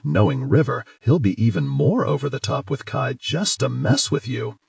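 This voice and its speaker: A man's voice: medium pitch, very animated, normal speed, vocal fry, no echo, pitched above the performer's own voice. A man voicing a breezy, teasing young woman in an audiobook.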